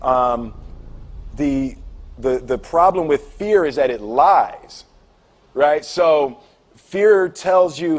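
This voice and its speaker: A man telling a story to a live audience, animated, acting out voices and laughing often. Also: on the high side, drawn-out words, long pauses. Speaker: speaker. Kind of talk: storytelling talk.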